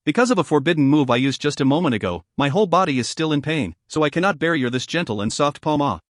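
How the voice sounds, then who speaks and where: A man's voice: fairly high pitch, animated, fast talker, no echo, clean studio sound, natural voice. A man voicing a sheepish, worn-out young male fighter in a fantasy audiobook, apologetic and stammering.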